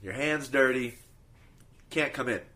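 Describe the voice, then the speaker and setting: A man doing a calm, firm God. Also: medium pitch, unhurried.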